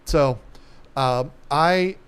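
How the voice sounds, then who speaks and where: A middle-aged man hosts a casual live stream with a slightly high voice. He rambles in an easygoing way, joking and restarting his sentences. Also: extremely slow, clean tone. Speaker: live stream host, aquarium shop owner.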